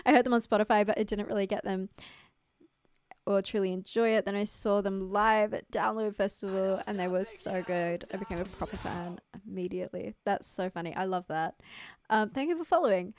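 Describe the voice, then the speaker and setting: A woman's voice: mid-range voice, dry recording, clean studio sound. A young woman, chatting on a casual livestream in a rambling, giggly way full of fillers. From New Zealand. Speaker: streamer.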